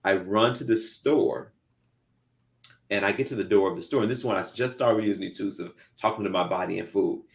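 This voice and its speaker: A man co-hosting a casual talk show, telling lively stories and acting out the voices in them. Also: fairly low pitch, fairly quick, creaky. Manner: lively storyteller who acts out voices in his anecdotes. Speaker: podcast co-host. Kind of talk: casual chat, animated storytelling.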